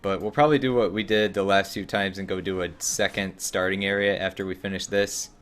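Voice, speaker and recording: A man's voice: low voice, fairly quick, smooth. A man casually commenting while playing a game on a live stream, chatting with viewers between actions. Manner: relaxed, chatty, answers viewer chat between gameplay.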